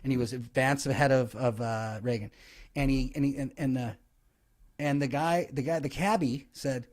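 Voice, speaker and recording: A man, a comedian guest on a podcast, telling stories in an animated way, with frequent restarts. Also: mid-range voice, moderate pace. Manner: animated storytelling, many restarts. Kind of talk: casual podcast chat.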